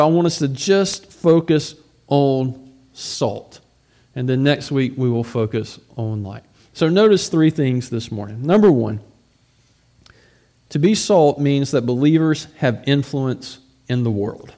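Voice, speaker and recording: A man's voice: medium pitch, dark tone. A man, a pastor, preaching a sermon in a conversational way, asking rhetorical questions and often repeating words as he goes.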